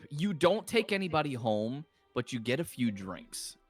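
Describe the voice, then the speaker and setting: A man narrating as game master of a tabletop game, easygoing and quick to laugh. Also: mid-range voice, big pitch swings, faint music behind.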